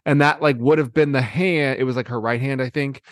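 A man co-hosting a casual chat, telling a story excitedly with many fillers and restarts. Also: medium pitch, brisk, dry recording.

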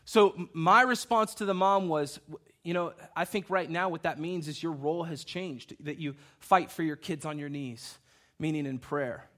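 A man's voice: on the high side, normal speed, fairly bright tone. A young man, a pastor, preaching through personal stories and acting out the voices of people he quotes. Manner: storytelling, acts out quoted voices.

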